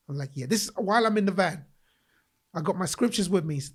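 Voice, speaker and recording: Speaking quickly in a high, husky voice, this English podcast guest shares a personal story with plenty of energy. He acts out the voices of the people he quotes along the way.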